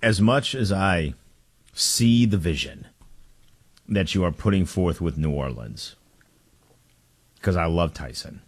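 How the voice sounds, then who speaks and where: A man's voice: sits low, expressive, slow, long pauses. A man co-hosting sports talk radio, laid-back and joking.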